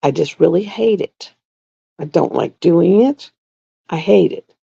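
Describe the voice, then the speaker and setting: A woman's voice: lowish voice, lively intonation, measured pace, vocal fry, warm tone, slightly rough, no echo. A middle-aged woman, a nurse, chatting bluntly and with exasperation on a casual live stream. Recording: dull lo-fi dry live-stream audio.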